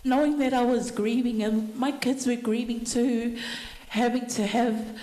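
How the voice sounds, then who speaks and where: Slow-speaking woman giving a eulogy. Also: on the high side, fairly even intonation, dark tone. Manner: slow, halting storytelling with many pauses. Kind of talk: personal eulogy at a family funeral service. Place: church hall. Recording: echoey church hall.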